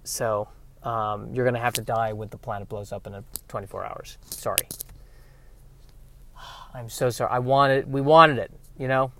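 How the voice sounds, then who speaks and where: A man's voice: medium pitch, fairly even intonation, normal speed, a bit bright, a little hiss or hum, lightly acted. A man voicing an alien who keeps apologizing as it turns someone down. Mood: apologetic. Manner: regretful, over-apologetic. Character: apologetic alien speaking for its group.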